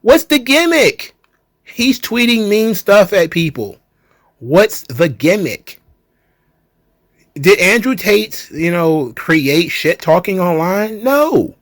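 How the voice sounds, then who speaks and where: A man's voice: high voice, big pitch swings, slow, no echo. A man hosting a wrestling commentary show, ranting in a heated, sarcastic way with swearing. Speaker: wrestling commentary channel host.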